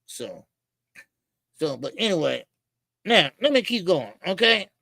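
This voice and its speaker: A man's voice: high-pitched, very animated, measured pace, vocal fry, sharp tone, no room sound. A man hosting a boxing talk show, ranting in blunt, profane casual commentary.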